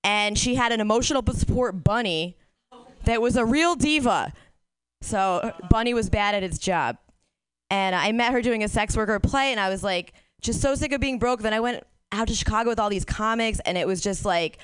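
A woman's voice: mid-range voice, a little fast, a bit bright, smooth, dry recording. A woman doing a stand-up set, telling crude stories candidly and laughing at her own jokes. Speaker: stand-up comic.

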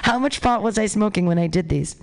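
A woman's voice: medium pitch, fairly quick, a little mellow. A woman hosting a comedy open mic, loosely joking and teasing the comics as she brings the next one up.

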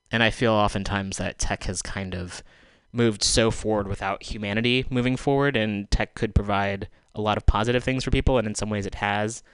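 A man's voice: lowish voice, fairly even intonation, normal speed, a bit bright, clean tone, no room sound. A male radio host giving solo commentary in a studio, exasperated and sarcastic, swearing as he vents, speaking into a handheld microphone. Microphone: handheld microphone taken off the stand.

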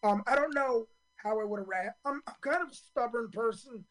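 A hoarse man in his fifties, a stand-up comedian telling his story in a radio interview, earnest and full of ums and restarts. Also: very high voice, a little fast, fairly bright tone, rough recording.

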